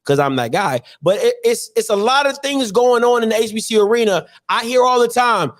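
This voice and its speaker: A man hosting an online call-in show, talking in an animated, preachy and joking way full of slang. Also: very high-pitched, a little fast, hardly any pauses. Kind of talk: energetic call-in show monologue.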